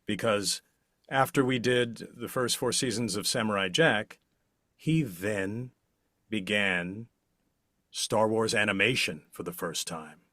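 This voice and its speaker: A middle-aged man answering interview questions in an unhurried, expressive way, leaning hard on key words. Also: lowish voice, no room sound, clean studio sound. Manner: slow, expressive, with big swells on key words. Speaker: interview guest, voice actor.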